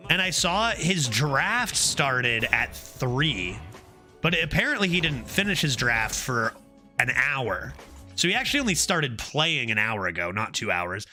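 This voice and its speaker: Guy streaming a card game, kinda high lively voice, slow drawl, beats himself up a lot. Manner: animated, self-mocking, exclaims and pleads at the game. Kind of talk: casual game commentary.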